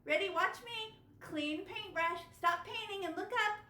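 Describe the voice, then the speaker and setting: A woman teaching children a step-by-step painting lesson over a video call, animated and coaxing. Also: extremely high pitch, a little slow, roomy sound. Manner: animated, gasping with delight, coaxing young kids. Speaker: art teacher.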